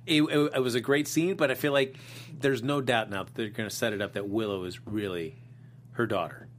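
A man co-hosting a casual chat show, relaxed and conversational. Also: mid-range voice, fairly quick, slight background noise. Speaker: co-host. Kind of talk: casual chat reviewing a soap opera.

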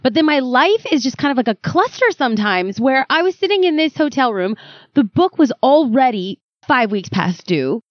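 A woman guest on an interview podcast, telling her story in a dramatic, animated way. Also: sits high, normal speed, no echo, highs cut off. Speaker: author and guest.

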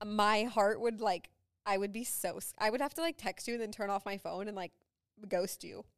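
A young woman chatting casually as a podcast co-host, full of laughs and quick stories about motherhood. Her voice is smooth and clear, recorded close and dry. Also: mid-range voice, dry recording. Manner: bubbly, laughing, storytelling. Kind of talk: casual chat.

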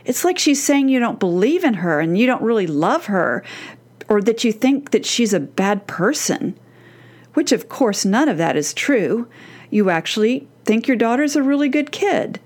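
A woman's voice: fairly high pitch, darkish tone. A middle-aged woman, a parenting coach, giving a scripted podcast lesson in an earnest, emphatic way. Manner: earnest and emphatic, slowing down to act out quoted teens.

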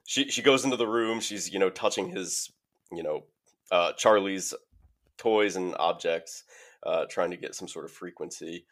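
A man with a low voice walks through a movie plot in a casual podcast chat. He rambles along, padding his sentences with ums and uhs. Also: moderate pace, a bit bright. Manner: rambling, filler-heavy retelling. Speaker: podcast host.

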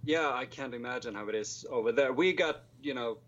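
A man's voice: medium pitch, fairly quick, a bit bright, muffled recording. A man in his late twenties with a Swedish accent, a filmmaker guest speaking casually and self-deprecatingly, hesitating with many fillers. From Sweden. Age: 20s. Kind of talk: casual interview over a call.

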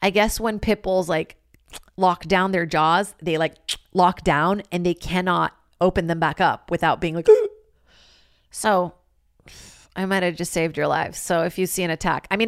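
A woman in her thirties hosts a podcast and tells a wild story in loose, profane chat, with "like" in almost every sentence. Her voice sits on the low side for a woman. The sound is close and dry. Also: normal speed, no room sound. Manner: animated, profane, filler-heavy with lots of "like". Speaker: podcast host. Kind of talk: casual comedic storytelling.

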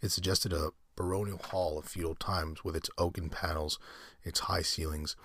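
A man reads a short story aloud in a measured voice. His voice is very low and husky, and the sound is dry and close. He corrects the odd stumbled word. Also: fairly even intonation, fairly bright tone, no echo. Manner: measured reading with occasional slips and self-corrections. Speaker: reader.

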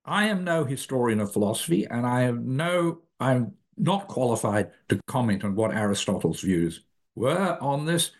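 An older man answering interview questions about his ideas. His pitch rises and falls freely as he talks. He pauses and restarts phrases often, working through each point. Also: very animated. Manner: thoughtful, halting, restarts phrases. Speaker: philosopher, author.

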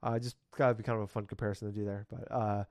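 A man's voice: on the low side, flat delivery, very fast, a little mellow, no echo, clean studio sound. A man in his thirties hosting a casual podcast, rambling and ranting with lots of swearing. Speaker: podcast host.

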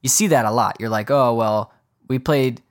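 A man's voice: medium pitch, normal speed. A man hosting a solo sports podcast, talking off the cuff in a rambling way, correcting himself often and dropping joking asides. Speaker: podcast host.

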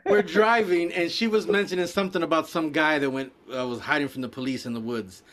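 A podcast co-host with a rather high voice tells a story in casual conversation, talking a little fast. He's profane and animated, swearing a lot and acting out the quotes.

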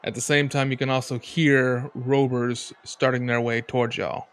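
A man's voice: medium pitch, flat delivery. A man narrating as game master in a casual tabletop game session. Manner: casual, unhurried narration with fillers.

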